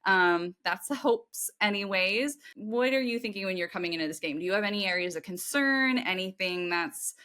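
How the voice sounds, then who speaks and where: A woman from Ohio hosting a casual chat with a guest, talkative and quick to laugh. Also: mid-range voice, expressive, pushed and bright. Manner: chatty, laughs often. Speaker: host. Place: on the West Coast.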